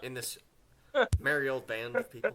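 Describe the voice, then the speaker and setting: A man playing in a casual tabletop game, excitable and swinging from mutters to shouts. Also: medium pitch, normal speed. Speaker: player.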